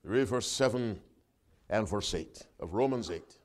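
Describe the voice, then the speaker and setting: A man preaching a sermon, reading scripture aloud with his congregation and calling for responses, loud and emphatic on the verses and quieter between them. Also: lowish voice, animated, a little slow.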